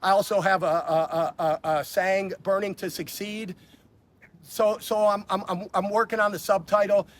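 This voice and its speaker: A man's voice: sits high, flat delivery, moderate pace. A man, telling stories in a casual interview, blunt and profane, often stammering and restarting his sentences. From Chicago. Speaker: interview guest.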